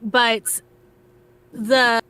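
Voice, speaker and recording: Slow-talking woman voice actor on a call. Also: a little high, little pitch movement, pushed and bright, smooth. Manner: slow, hesitant, lots of fillers. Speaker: voice actor in the cast. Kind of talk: casual live chat.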